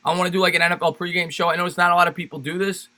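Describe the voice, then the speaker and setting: A man's voice: high voice, flat delivery, racing, pushed and bright. A man hosting a casual sports livestream, chatting loosely with viewers and repeating his phrases. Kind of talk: casual live chat reading viewer comments.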